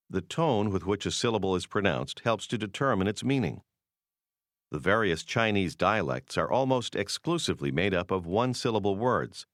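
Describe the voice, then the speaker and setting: Deep-voiced man narrating a language course. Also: no room sound, studio quality. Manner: measured, explanatory delivery.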